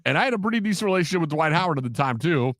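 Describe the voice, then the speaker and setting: A man, a sports broadcaster on a podcast, telling stories in an animated way and acting out the quotes. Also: a little high, rapid-fire, no echo, studio quality. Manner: animated storyteller, acts out quotes, laughs often. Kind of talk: casual storytelling in an interview.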